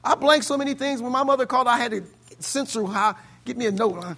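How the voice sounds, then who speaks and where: Man, pastor, sermon, high voice, husky, from the States, loud and soft swings. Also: quick pace. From United States. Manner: swings between loud exclaiming and low quiet delivery.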